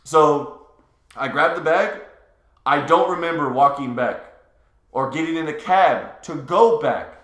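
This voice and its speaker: A man co-hosting a podcast, telling a story in a relaxed, laughing way with casual swearing. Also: on the high side, a little slow, long pauses. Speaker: podcast co-host. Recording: echoey room.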